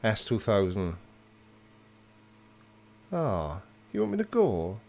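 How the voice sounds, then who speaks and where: A man hosts a relaxed live chat, reading out viewers' comments and answering them with playful teasing and mock disgust. His voice sits fairly low, and he takes his time between words. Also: slow, creaky. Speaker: livestream host.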